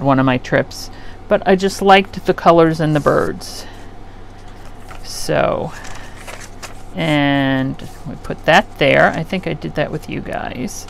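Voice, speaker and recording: Middle-aged woman, craft host, low gravelly voice, rambling casual chat, faint air conditioner hum. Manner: rambling, chatty, trails off mid-sentence. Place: home craft room with an air conditioner running.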